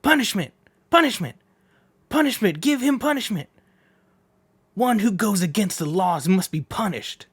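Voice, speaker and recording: A man voicing a furious male tribal warrior who yells and chases a runaway. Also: high voice, animated, unhurried, pauses often, husky, no echo, pitched above the performer's own voice, exaggerated voice. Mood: accusing. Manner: shouting, frantic.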